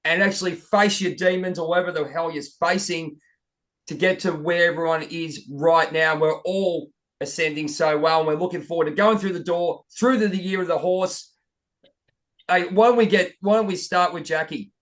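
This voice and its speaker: A man hosting a casual spiritual podcast over a video call, excitable and calling everyone mate. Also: on the high side, normal speed. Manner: excitable, keeps saying "mate". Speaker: podcast host.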